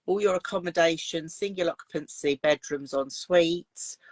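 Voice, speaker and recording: A woman's voice: fairly low pitch, normal speed, a little mellow, no echo. Fields: Sex: woman. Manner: chatty, detailed. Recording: dry. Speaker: craft teacher running retreats. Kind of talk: casual interview chat.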